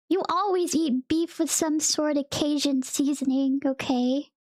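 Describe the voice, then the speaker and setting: High-voiced giggly young woman streamer. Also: a little mellow, no echo, studio quality. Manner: giggly, laughs often between sentences; rambling, storytelling with "like" and "okay?". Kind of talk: casual chat to viewers.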